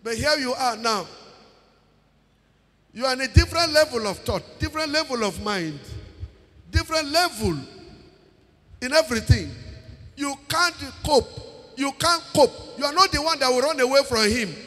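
A man's voice: very high-pitched, animated, moderate pace, pauses often, pushed and bright. A man with a Nigerian accent preaching a sermon, emphatic, repeating phrases and singing out words, slipping into Pidgin. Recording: long reverb of a large hall.

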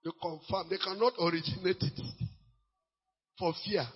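A high-voiced Nigerian man preaching, his slightly husky tone ringing in a long church-hall reverb. The recording is muffled and dull. He drifts into Pidgin and breaks into sudden shouts to drive points home. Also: measured pace. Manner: animated preaching mixing Pidgin, bursts of shouting. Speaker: pastor. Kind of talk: sermon.

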